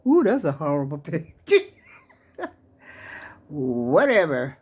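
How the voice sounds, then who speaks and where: A woman's voice: deep voice, big pitch swings, slow pace, long pauses, a little mellow, husky. An older woman rambles through a casual home vlog, chatting straight to her viewers. She often trails off mid-sentence and keeps calling them y'all. She is recorded on a handheld phone indoors. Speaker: vlogger. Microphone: handheld phone camera.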